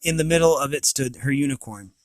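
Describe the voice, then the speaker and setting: A man's voice: medium pitch, a little fast, dry recording. A man reading a novel aloud, with occasional slips and restarts. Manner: reads with small slips and restarts. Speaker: reader of an audiobook.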